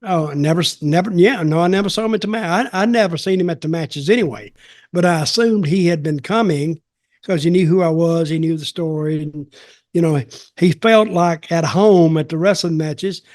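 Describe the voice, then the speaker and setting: A man's voice: fairly high pitch, normal speed, a little mellow, no echo, studio quality. An older man hosting a podcast, telling a casual story in a rambling, blunt and profane way.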